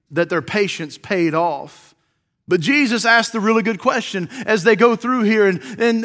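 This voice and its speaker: A man preaching a sermon, swinging between loud, ringing cries and hushed, quiet questions. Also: high voice.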